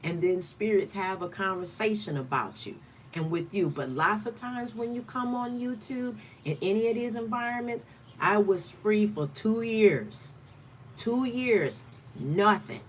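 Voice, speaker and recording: A spiritual card reader from Michigan hosts her card-of-the-day livestream in casual talk, speaking bluntly and repeating points for emphasis. Her voice is medium-pitched and a little slow, with a slight hiss or hum.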